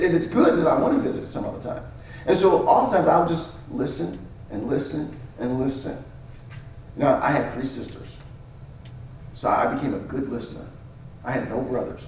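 A man's voice: fairly high pitch, vocal fry, a little mellow, a little hiss or hum. A man preaching as a pastor, teaching on marriage and acting out both sides of an argument with repeated phrases. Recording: echoey hall, mic at a distance.

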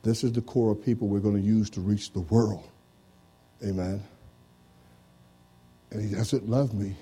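A pastor preaching an interactive sermon, trading lines with a volunteer from the congregation, dropping "amen" and "praise the Lord" throughout, and reading scripture in a slow, drawn-out King James cadence. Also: fairly low pitch, fairly even intonation, warm tone, breathy edge. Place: church.

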